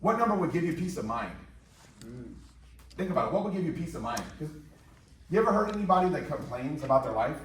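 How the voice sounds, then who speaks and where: In an echoey company meeting room, recorded from a distance with a little hiss or hum, an Indiana man gives a jokey sales talk to a live audience and often asks them questions. His slightly high voice swings widely in pitch, and he speaks fast but pauses often.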